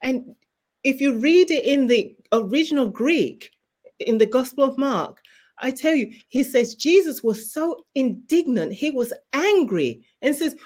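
A woman's voice: high voice, expressive, measured pace, a little mellow. A woman who is a guest author, sharing a fervent faith testimony in an interview. She speaks like a preacher and repeats key phrases for emphasis.

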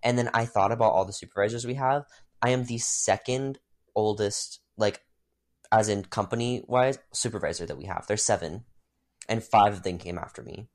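A young man co-hosting a podcast in casual chat, animated, laughing often and jumping into high voices when he quotes people. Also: normal speed. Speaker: podcast co-host.

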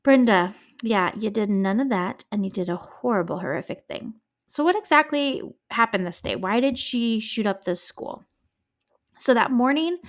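A woman hosting a true-crime podcast, telling a case in a chatty, emotional way with frank asides and the odd curse. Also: mid-range voice. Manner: chatty, emotional asides, swears when upset. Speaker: podcast host.

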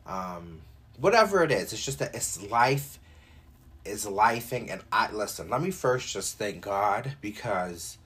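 A young man talks to his listeners in a loose, unscripted solo podcast. His voice is low and a little husky, and his pitch jumps around animatedly as he jokes, curses and pads his sentences with "like.". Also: unhurried. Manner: animated and joking, with frequent profanity and filler likes. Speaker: podcast host. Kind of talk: casual solo podcast chat.

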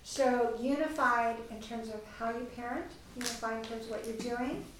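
A woman teaches a small parenting group, chatty and storytelling. Her voice sits a little high. She is recorded from across the room, with heavy room echo. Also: normal speed, background noise. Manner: chatty, acts out quoted voices. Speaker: parenting class leader. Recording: echoey room, mic far off.

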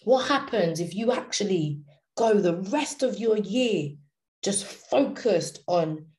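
A woman with a slightly low voice gives an inspirational talk. She speaks with passion, drops casual slang, and hammers each point home by repeating it. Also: warm tone.

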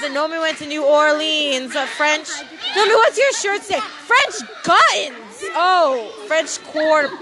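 A young woman hosting a casual vlog, chatty, excitable and joking about herself. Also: very high voice. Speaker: vlog host. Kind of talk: casual chat. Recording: loud crowd behind. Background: crowd noise.

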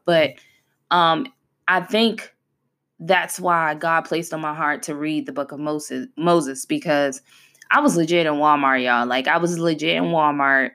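A woman's voice: low voice, vocal fry, a bit bright. A woman in her thirties hosting a podcast, talking candidly and from the heart in a casual, conversational way and stressing her points by repeating them. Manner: conversational and heartfelt, with emphatic repetition. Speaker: podcast host. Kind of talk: candid personal talk.

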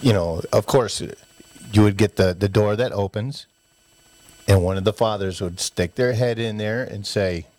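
Lower-pitched man telling childhood stories. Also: unhurried. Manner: animated storyteller who acts out parents' voices. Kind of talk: casual storytelling chat.

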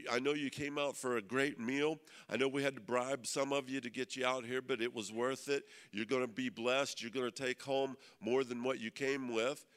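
A man, a pastor, preaching a sermon at a men's meeting. He often asks the room "Amen?" and slows down to read scripture with emphasis. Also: medium pitch, fairly bright tone. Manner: preaching with frequent "Amen?" call-outs to the audience; reads scripture aloud slowly and with emphasis.

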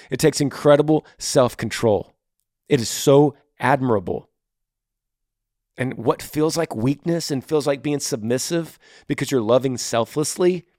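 A man hosting a podcast, giving earnest, emphatic relationship advice and often dropping to a soft, quiet voice. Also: medium pitch, dry recording, studio quality. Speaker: podcast host. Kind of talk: advice monologue.

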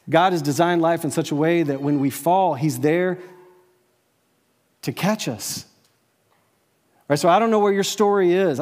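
A male pastor preaching in a relaxed, conversational manner, often tagging his points with a questioning "right?". His voice sits a little higher than most men's. The sound carries a long reverb from the large hall he speaks in. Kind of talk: sermon. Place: church service with a live audience.

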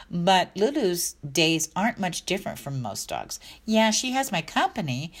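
A middle-aged woman, a dog health coach, talking in a chatty, upbeat, rambling way. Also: deep voice. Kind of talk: casual vlog talk.

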